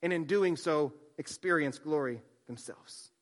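Man, pastor, sermon, high voice, hushed endings, loud emphatic lines. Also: unhurried.

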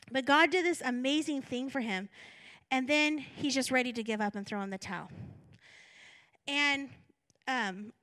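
A woman's voice: a little high, a bit bright, dry recording. A woman pastor giving a conversational sermon, reading scripture and acting out her own thoughts with self-deprecating asides.

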